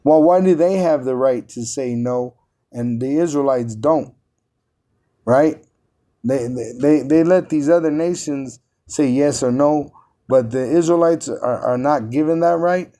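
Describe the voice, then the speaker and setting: Preaching and teaching from scripture, a man speaks a little slowly in a mellow voice that sits on the high side. He is combative and profane, often repeating words to drive his points home.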